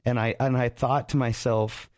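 A man's voice: mid-range voice, level tone, moderate pace, darkish tone, no echo, muffled recording. A pastor and radio co-host telling his life story in a radio interview, laughing often and acting out the voices of people in it.

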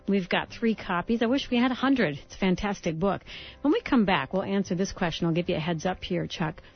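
A woman hosting a faith-based radio talk show, an enthusiastic and encouraging interviewer. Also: fairly low pitch. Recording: dull lo-fi broadcast sound.

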